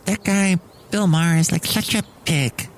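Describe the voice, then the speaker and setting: A man's voice: high-pitched, moderate pace, slight background noise, voice pushed up, close to an everyday voice. A man voicing an indignant, gossipy female gift shop supervisor. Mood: huffy. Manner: gossipy, huffy.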